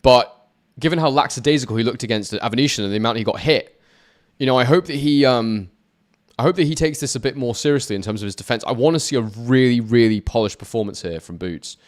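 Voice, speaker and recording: Male boxing YouTuber, casual live commentary, chats to his viewers, quick punch-by-punch calls. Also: medium pitch. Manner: chatty, answers viewer chat, quick play-by-play. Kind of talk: live watch-along commentary.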